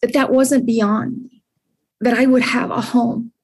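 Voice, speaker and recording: A woman's voice: on the high side, steady tone, a little slow, a little mellow, husky. A woman in her sixties, an interview guest, speaking earnestly and encouragingly, often repeating her words. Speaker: podcast guest. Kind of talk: heartfelt interview answers.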